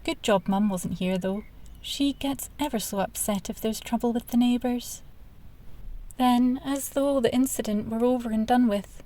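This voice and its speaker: A woman reads a children's novel aloud in a gentle, measured storyteller's voice. Her pitch sits a little high, and the delivery is steady and clear. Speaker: audiobook narrator. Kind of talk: scripted children's book narration.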